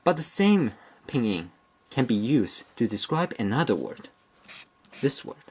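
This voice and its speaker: A man teaching a beginner language lesson, explaining step by step in a deliberate, methodical way and often restating or correcting himself mid-phrase. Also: medium pitch, very animated, a little mellow, slightly rough. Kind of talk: slow explanatory lesson narration.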